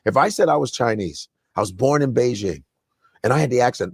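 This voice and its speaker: Animated man, lively swooping pitch. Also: normal speed, slightly rough. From Nigeria-born family. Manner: animated, jumps into mock voices. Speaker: comedian. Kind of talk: casual chat.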